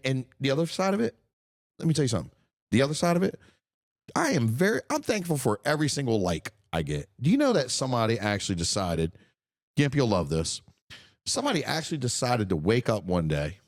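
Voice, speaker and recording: Male podcast host, casual chat, swears freely and rants emphatically, mid-pitched voice, dry sound. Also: big pitch swings, fairly quick, no echo. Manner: profane, ranting and emphatic.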